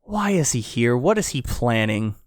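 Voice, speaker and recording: A man co-hosting a casual podcast chat, excitable, laughing often and acting out quotes. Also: medium pitch, normal speed, no room sound, studio quality. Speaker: podcast co-host. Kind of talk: casual chat reviewing a chapter.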